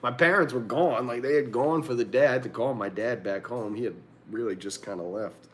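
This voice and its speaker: A young man spins a story on a livestream, loose and lively, and breaks into laughter often. His voice sits at an ordinary middle pitch. Faint noise hums in the background. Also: brisk. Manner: animated, laughing often, acts out quoted lines. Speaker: livestream host. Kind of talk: casual storytelling chat.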